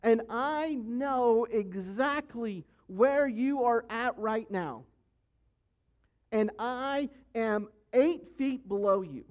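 A seasoned male mountain climber, voiced by a preaching man, speaks slowly and steadily, every word meant to reassure. His voice sits high and carries a little more force than the man's usual talk. The recording is dull and lo-fi. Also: sing-song, warm tone, breathy edge, heavily acted. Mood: reassuring. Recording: dull, lo-fi sound.

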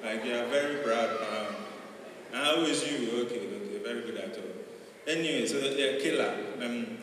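Stand-up comedian in an echoey hall. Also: male voice, medium pitch, moderate pace, a bit bright. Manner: loose, chatty delivery with many fillers. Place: live comedy venue. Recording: roomy hall, far from the mic, noisy.

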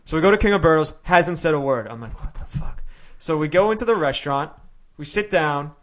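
A storyteller guest on a casual podcast tells a long story in a slightly high voice at a quick pace. He's animated, acting out what he and others said.

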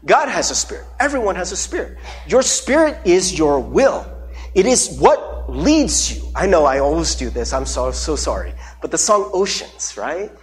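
Young male pastor, high and lively delivery, earnest and emotional sermon voice. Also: normal speed. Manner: earnest, emotional, with frequent "right?" asides.

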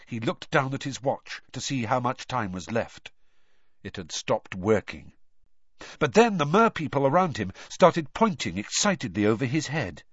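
A man narrating a novel as an expressive audiobook reader. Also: medium pitch, no room sound, lo-fi sound. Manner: expressive storytelling.

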